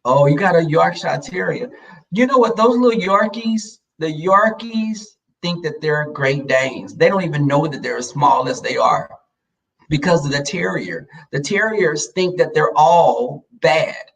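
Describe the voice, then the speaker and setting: Livestream host, male, gravelly and a touch high, chatty, talks to viewers, sits back from the mic. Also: expressive, measured pace, recorded from a distance, low-quality recording. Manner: chatty storyteller addressing viewers. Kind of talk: casual livestream chat.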